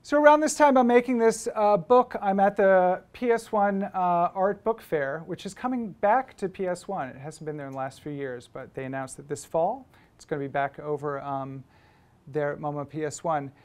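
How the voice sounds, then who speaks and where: A man's voice: sits high, moderate pace, a little mellow, clean tone. A man, a photographer and book publisher, giving an anecdotal lecture to students at a school, telling stories in a conversational way with many fillers and restarts.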